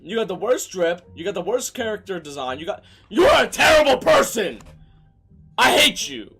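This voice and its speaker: Give me a young male game streamer with a slightly high voice and wildly bouncing pitch. He chats casually, swears freely, and erupts into shouted tirades. Soft music plays behind him. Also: moderate pace, husky. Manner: excitable, profane, breaks into shouted rants. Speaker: gaming streamer. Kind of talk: let's play commentary.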